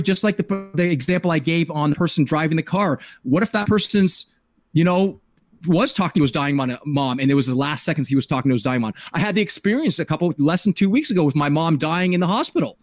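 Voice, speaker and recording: A middle-aged man with a slightly high voice tells a personal story on his podcast. He speaks earnestly and with emotion, stumbling and repeating words as he goes. The sound is dry and close, with no room echo. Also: animated, brisk. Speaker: podcast host.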